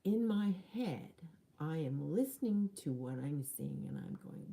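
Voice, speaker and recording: A woman coach telling a personal story in an animated way, often dropping into hushed, whispery asides. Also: low voice, unhurried, vocal fry. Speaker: spiritual coach.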